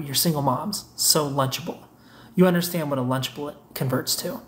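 A young man, hosting a casual livestream, reading chat comments aloud and teasing viewers in a joking way. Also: on the high side.

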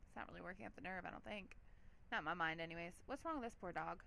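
A woman's voice: lowish voice, quick pace, gravelly, sharp tone, slight background noise. A woman hosting a let's play, giving chatty, giggly gameplay commentary with a lot of "like".

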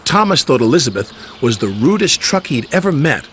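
A man's voice: mid-range voice, brisk, slight background noise. A man narrating a children's railway story. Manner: lively storytelling. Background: music.

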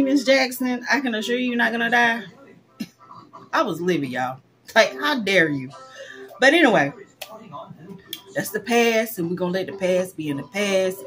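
A young adult woman vlogging in a casual chat straight to her viewers, expressive and swinging between excitement and a lower, drained tone.

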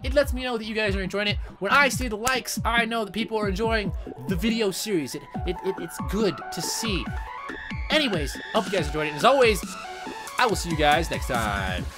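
A young man in casual, profane let's-play commentary, excitable and joking. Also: high-pitched, fairly quick, over music. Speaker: gaming YouTuber.

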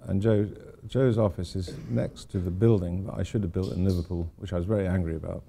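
Deep gravelly older man lecturing. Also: steady tone, brisk, warm tone, slight background noise. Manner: rambling, wry, self-deprecating asides. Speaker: architect giving a lecture. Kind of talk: informal lecture to students. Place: lecture hall at a university.

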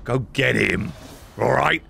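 Streamer guy swearing at his game, kinda gravelly voice, bouncy pitch. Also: slow pace, faint music behind. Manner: excitable, profane, chatty. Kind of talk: live gameplay commentary.

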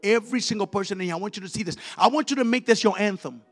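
A male evangelist preaching a fiery sermon in a church, leading call-and-response and swinging from quiet words to shouted, repeated lines. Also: sits high, very fast, few pauses. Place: church sanctuary. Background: faint music from the musicians.

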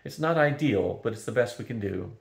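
An older man voicing a calm, wise female dragon who is unwell, speaking in a steady, matter-of-fact way in a roomy-sounding recording. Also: mid-range voice, a little fast, vocal fry. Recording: roomy echo.

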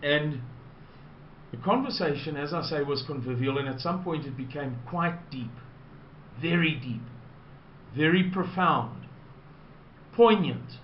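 A man with a South African accent telling a personal anecdote to listeners, slowly and with digressions. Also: on the high side, slight background noise. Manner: slow, digressive, unhurried storytelling. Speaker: storyteller. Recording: roomy, dull lo-fi recording.

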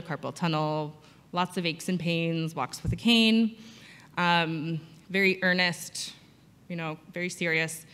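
A woman's voice: on the low side, sharp tone. A woman physical therapist giving a conference talk, telling patient stories and acting out the quotes. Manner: storytelling with acted-out quotes. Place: conference hall. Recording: long hall reverb.

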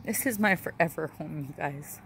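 A woman's voice: low voice, normal speed, vocal fry, fairly bright tone, slight background noise. A woman telling a rambling, emotional personal story in a casual home vlog, often adding "right?" and "like". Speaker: vlogger.

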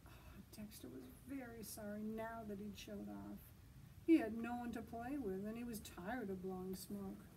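A woman librarian reads a picture book aloud at an outdoor children's storytime, gently pausing to ask her listeners questions. Her voice is mellow and dark in tone. She sounds a little distant from the microphone, with faint noise behind her. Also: medium pitch, steady tone.

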